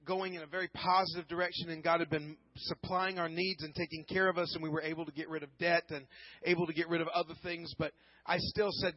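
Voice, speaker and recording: A man preaching a sermon, telling a personal story earnestly, often repeating words and swinging from hushed to loud. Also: on the high side, fairly even intonation, fast, slightly rough, no echo, dull audio. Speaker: pastor.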